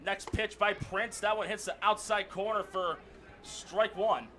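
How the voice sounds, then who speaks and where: A man calling a baseball game play by play, excitable and shouting during big plays. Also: sits high, a little slow, a little hiss or hum. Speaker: play-by-play announcer.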